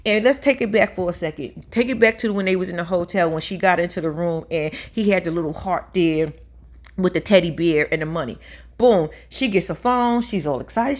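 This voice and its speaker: A woman doing casual reaction commentary on a reality show, blunt and profane, telling the story excitably. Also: on the low side, fast talker. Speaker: reality TV recap vlogger.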